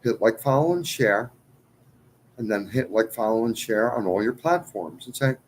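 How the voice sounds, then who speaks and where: A man's voice: mid-range voice, expressive, moderate pace, slight background noise, poor audio. A man in a ranting monologue to his followers, agitated and pleading, swinging between outbursts and muttered asides. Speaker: self-styled cleric addressing followers.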